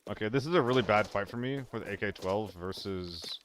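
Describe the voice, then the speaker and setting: A man's voice: lowish voice, a little fast, a bit bright, a little hiss or hum. A young man live-streaming a shooter game, chatting loosely with viewers, swearing and getting flustered in fights. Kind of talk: casual live-stream chat while gaming.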